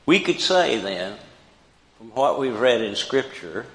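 Slow emphatic older preacher in echoing hall. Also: male voice, medium pitch, big pitch swings. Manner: slow, emphatic, repeats key phrases. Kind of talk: sermon. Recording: roomy hall with long reverb.

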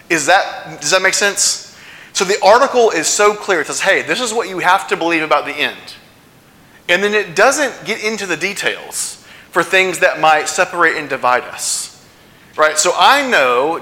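A man's voice: fairly high pitch, pushed and bright. A man preaching a sermon to his congregation in a conversational way, often checking in with questions. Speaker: pastor. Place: church sanctuary. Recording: long church hall reverb.

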